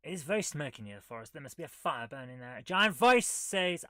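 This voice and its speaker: A woman's voice: low voice, very animated, a little fast, hardly any pauses, pushed and bright, dry recording, studio quality. A woman, hosting a retro game playthrough, reading the game's text aloud with wry, jokey asides. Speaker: retro gaming host. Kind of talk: casual game playthrough commentary.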